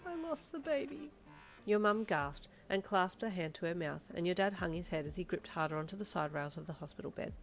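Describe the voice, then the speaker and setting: Female narrator, slightly low voice, reading second-person fanfic with feeling. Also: brisk, few pauses, faint music behind.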